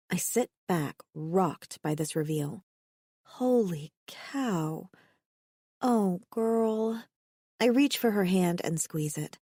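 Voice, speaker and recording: A woman narrating a romance audiobook in first person, expressive, lifting her voice for the heroine's dialogue. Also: on the low side, moderate pace, dry recording, studio quality.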